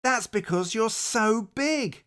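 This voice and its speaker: A man voicing an excited little bunny boy. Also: extremely high pitch, takes it slowly, voice pushed up, heavily acted. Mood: eager. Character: small eager young male rabbit. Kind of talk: storybook read-aloud.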